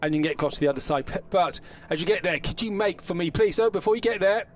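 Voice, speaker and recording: A man's voice: high voice, quick pace. A man narrating as game master in a tabletop game, rambling and correcting himself as he goes. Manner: rambling, self-correcting narration with frequent restarts.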